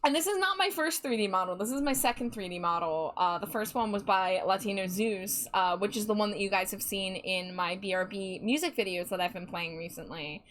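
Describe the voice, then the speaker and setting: A woman's voice: medium pitch, fairly quick, hardly any pauses, fairly bright tone. A young woman with a Midwestern accent, chatting casually and playfully with her live chat as a streamer, laughing often. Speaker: livestreamer.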